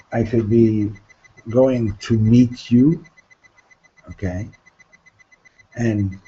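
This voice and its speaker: A man with a lowish, warm voice gives an informal Torah class, often repeating himself, asking "right?" and mixing in Hebrew terms that he then translates. The audio sounds dull, with a little hiss or hum.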